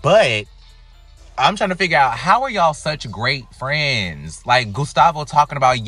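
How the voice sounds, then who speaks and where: A man's voice: medium pitch, normal speed, soft background music. Chatty American man reacting to a show. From United States. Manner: chatty, animated, incredulous asides. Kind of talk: casual reaction commentary.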